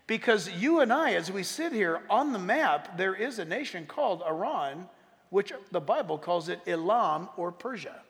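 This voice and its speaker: A man preaching a sermon, reading scripture emphatically and dropping to quiet asides. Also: animated, moderate pace. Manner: emphatic, rises loud when reading scripture, drops low for asides. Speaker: pastor. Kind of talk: sermon teaching on Bible prophecy. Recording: echoey hall reverb.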